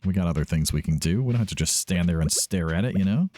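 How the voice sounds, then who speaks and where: A low, mellow-voiced man talks through his game in a relaxed, rambling way. He thinks aloud and often corrects himself mid-sentence. His pitch swings widely as he chats. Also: fast talker, slight background noise. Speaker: let's play host. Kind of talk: casual gameplay commentary.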